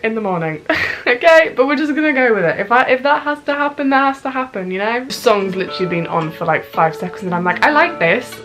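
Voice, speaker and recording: A woman's voice: a little high, animated, fast talker, fairly bright tone, soft background music, poor audio. A young woman reacting to an album at home late at night, gushing and giggly, saying "literally" constantly. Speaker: music reaction vlogger. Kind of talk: casual first-listen album reaction.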